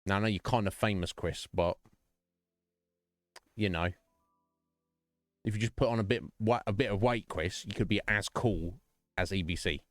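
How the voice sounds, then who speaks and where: A rambling man chatting at the end of a stream, his voice sitting low and close on a dry microphone. Faint music plays behind him while he jokes and laughs between thoughts. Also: moderate pace, long pauses, dry recording. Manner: rambling, jokey, laughs often. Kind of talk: casual stream sign-off chat.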